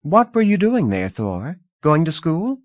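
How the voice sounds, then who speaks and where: A man voicing a poised, polite young woman from a wealthy family, speaking in a bright, gracious, curious way in a dry audiobook reading. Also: a little high, wildly swooping pitch, measured pace, dry recording, highs cut off, pitched above the performer's own voice.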